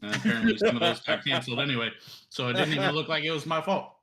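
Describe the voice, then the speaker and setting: A man's voice: on the high side, animated, racing, over a noisy crowd. Joking podcast co-host, easygoing man. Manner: joking, teasing banter. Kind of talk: casual podcast chat.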